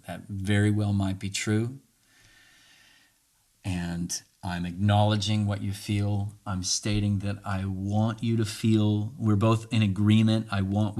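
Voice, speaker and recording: A podcast host with a fairly low, somewhat dark voice earnestly teaches communication tools. His casual teaching monologue includes acted-out sample dialogue.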